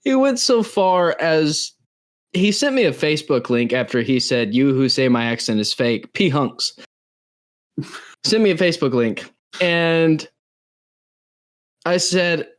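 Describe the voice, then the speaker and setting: Chatty, laughing podcast co-host man. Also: on the high side. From California. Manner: storytelling, laughs often. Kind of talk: casual chat.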